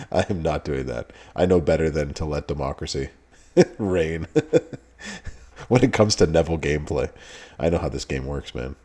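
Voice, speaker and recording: Man, deep low voice, casual live-stream host, laid-back, laughs a lot, greets chat by name. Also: animated, normal speed, pauses often, dark tone.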